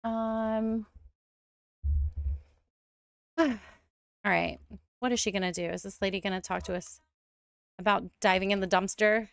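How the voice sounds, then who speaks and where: A young woman chats loosely as she streams a life-sim game, laughing easily and rambling from one thought to the next. Her voice has a gravelly, fry-tinged edge, and it sits close and dry with no room sound. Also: mid-range voice, moderate pace, no echo. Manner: chatty, rambling, laughs often. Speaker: gaming streamer. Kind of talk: casual live stream chat.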